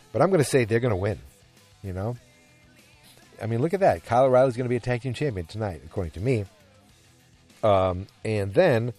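A man's voice: on the low side, a little mellow. A man casually chatting through his wrestling predictions, rambling and hesitant, with many restarts. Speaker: wrestling commentator giving match predictions. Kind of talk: casual chat.

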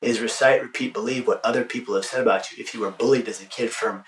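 A man's voice: mid-range voice, steady tone, quick pace. Emphatic man, roomy distant podcast sound. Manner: emphatic, acts out his crowd chants loudly. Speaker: podcast host and motivational speaker. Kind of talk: casual podcast conversation.

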